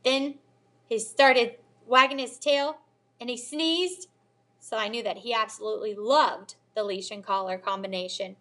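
A woman teacher reading a children's novel aloud in an expressive storytelling manner. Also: on the high side, a little slow. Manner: expressive storytelling, lively character voices.

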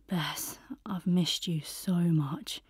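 A woman voicing an insistent young man in an audiobook, his lines murmured low and whispered. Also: fairly even intonation, very slow, slightly rough, no echo, studio quality, exaggerated voice. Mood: murmuring.

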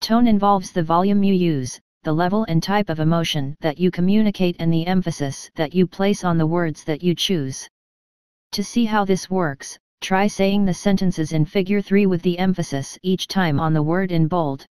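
A woman in scripted narration, reading a course lesson in an even, measured way. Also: on the low side, clean tone, no room sound.

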